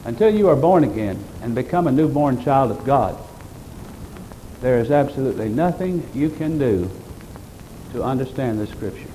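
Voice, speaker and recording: A man's voice: mid-range voice, expressive, moderate pace, warm tone, a little hiss or hum, rough recording. A man preaching a sermon at a church service, quoting scripture at length in old-fashioned phrasing, with folksy, homespun asides. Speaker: pastor.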